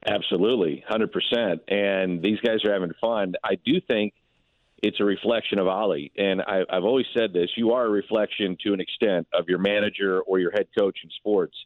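A man's voice: on the low side, fairly even intonation, normal speed, dry recording. A man who works as a baseball broadcaster, chatting as a guest on a sports radio show in a conversational way. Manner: conversational, lots of fillers and restarts. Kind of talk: casual sports radio chat. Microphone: phone. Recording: tinny dry phone line.

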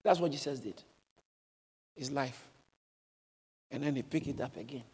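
A man preaching a sermon in a church, explaining and exclaiming with animated emphasis. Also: mid-range voice, moderate pace, long reverb tail, a little hiss or hum. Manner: animated preaching, bursts into shouts when quoting. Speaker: pastor.

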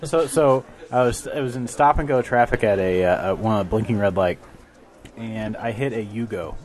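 A man's voice: fairly low pitch, normal speed, music in the background. A man co-hosting a podcast, chatting casually with dry wisecracks. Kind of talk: casual chat.

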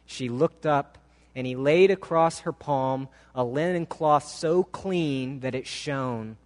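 A man preaching a sermon, telling a story in a slow, dramatic, emotive way. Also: mid-range voice, a little mellow. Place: church sanctuary. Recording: long hall reverb.

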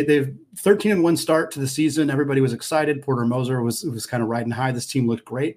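A man's voice: mid-range voice, darkish tone, breathy edge. A man co-hosting a sports podcast, analysing college basketball in a casual, thinking-aloud way.

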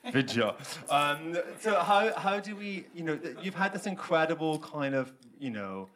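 A man's voice: fairly high pitch, lively intonation, moderate pace, a bit bright, a little hiss or hum. A man hosting an on-stage interview, chatty and hesitant, full of fillers and restarts. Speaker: interviewer host.

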